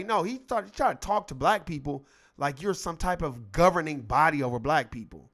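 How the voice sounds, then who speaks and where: A man with a notably high voice delivers a heated, profane political rant on his own show. He mocks the people he talks about by acting out their lines in quick asides. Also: lively intonation, a bit bright. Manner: profane, heated, mocking, acts out quotes. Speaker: show host.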